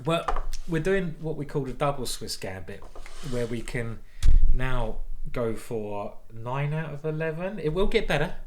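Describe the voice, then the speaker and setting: A man, a chess grandmaster, giving lively, self-mocking live commentary on his own games as he plays them. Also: mid-range voice, a little slow, a little hiss or hum. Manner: animated, exclaiming, self-mocking banter.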